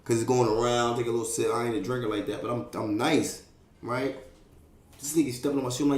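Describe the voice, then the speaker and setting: A young man tells a story in a loose, streetwise way, speaking quickly at an ordinary middle pitch in a room with a clear echo. He swears freely, adds sound effects, and keeps checking in with fillers like "you know what I mean".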